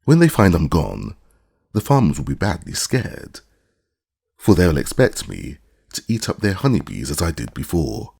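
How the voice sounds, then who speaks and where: A boastful, good-natured beast brags about itself in a rough, gravelly voice, as a man voices it for an audiobook. The tone sits low and husky and swings widely as he boasts. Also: wildly swooping pitch, moderate pace, darkish tone, exaggerated voice. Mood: cheerful. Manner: proud, self-important bragging. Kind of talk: audiobook character reading.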